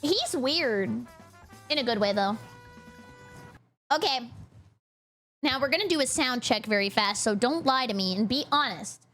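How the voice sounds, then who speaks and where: A woman streamer chatting casually on a live stream, excitable and giggly, squealing greetings to her chat. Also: a little high, unhurried, long pauses, soft background music.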